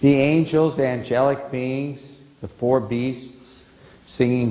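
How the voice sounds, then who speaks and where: Male pastor, mid pitch, conversational sermon, roomy church reverb. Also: fairly even intonation, takes it slowly, mellow. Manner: conversational, quizzes the congregation. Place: church sanctuary. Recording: echoey church hall.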